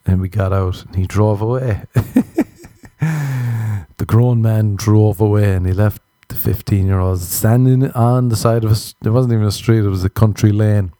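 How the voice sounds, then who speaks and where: A man's voice: on the low side, steady tone, moderate pace, mellow, no room sound. A young Irish man rambling through crude, jokey stories in a casual comedic monologue. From Ireland.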